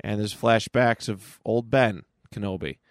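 A man's voice: lowish voice, unhurried, no room sound. A man co-hosting a podcast, recapping a comic book in a casual, rambling way on a close mic. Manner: casual, with frequent fillers and restarts. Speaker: podcast co-host.

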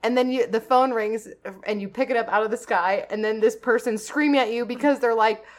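A young woman in casual chat, animated and profane, often laughing as she talks. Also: on the high side, fairly quick.

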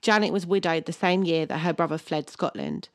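A woman's voice: sits low, expressive, brisk, dry recording. A woman co-hosting a podcast, reading a historical story from a script and stopping to banter and laugh over place names. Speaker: podcast co-host.

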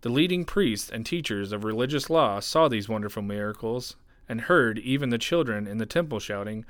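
A man reading the Bible aloud as a church pastor, measured and expressive, raising his voice for the quoted shouts. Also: on the low side, dry recording, studio quality.

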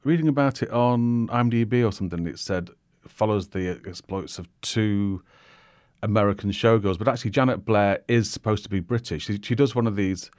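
A man's voice: lowish voice, brisk, darkish tone, clean tone, no echo, studio quality. A man co-hosting a casual film review chat, easygoing and asking his partner questions. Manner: easygoing, asks questions, agrees often. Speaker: film podcast co-host.

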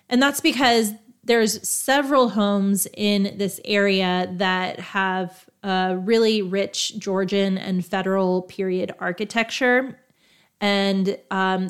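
Young adult woman, casual travel host, mid-pitched, conversational and a little rambling. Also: smooth. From Texas. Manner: chatty, self-correcting, unsure asides.

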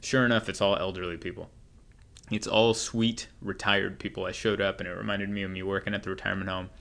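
A man's voice: low voice, flat delivery, fairly quick, vocal fry, a bit bright. A young man doing a comedic monologue, telling rambling stories with wry asides. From United States.

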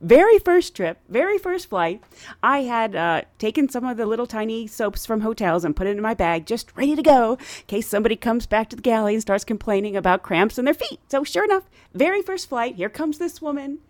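A woman's voice: fairly high pitch, expressive, a little fast, no room sound. A woman hosting a podcast, telling stories in a bubbly way, laughing often and acting out the people she quotes. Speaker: podcast host. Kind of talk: casual storytelling chat.

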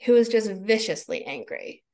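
A woman's voice: mid-range voice, very animated, moderate pace, warm tone. A woman in her thirties, a podcast guest, talking casually and expressively, laughing often and acting out her own inner voice. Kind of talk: casual conversation.

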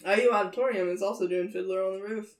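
A woman's voice: medium pitch, fairly even intonation, quick pace, a crowd in the background. A woman co-hosting a podcast in casual banter, giggly and playful. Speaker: podcast co-host. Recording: echoey room.

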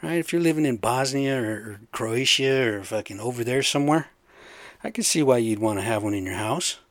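A man rambles in a loose, profane rant and keeps getting himself worked up. His voice has an everyday middle pitch and sits in a dry, close recording with no room around it. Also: lively intonation, brisk, dry recording. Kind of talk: casual rant.

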